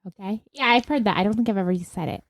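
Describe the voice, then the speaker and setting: A woman's voice: mid-range voice, fast, no room sound. A woman co-hosting a podcast, chatting casually, laughing easily and thinking aloud. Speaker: podcast co-host. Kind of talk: casual chat.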